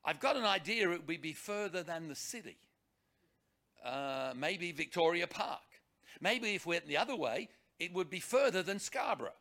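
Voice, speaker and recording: Animated, high-pitched male preacher. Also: moderate pace. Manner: animated, emphatic, rhetorical questions and repetition. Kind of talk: sermon.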